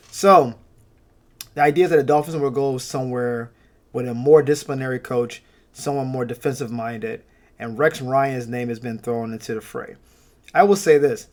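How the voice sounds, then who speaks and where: A man hosting a fan channel, giving casual, opinionated sports commentary with frequent laughs and fillers. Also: mid-range voice.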